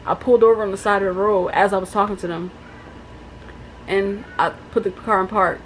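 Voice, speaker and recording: A young woman telling a story in a casual vlog, chatty and animated, with lots of fillers. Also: mid-range voice, brisk, low-quality recording. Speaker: vlogger. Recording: faint background noise.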